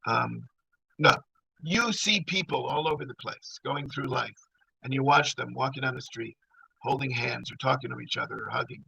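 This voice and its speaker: A man voicing a calm, knowing male street psychic who speaks in a slow, measured, matter-of-fact way. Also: mid-range voice, gravelly, slightly rough, heavily acted, poor audio.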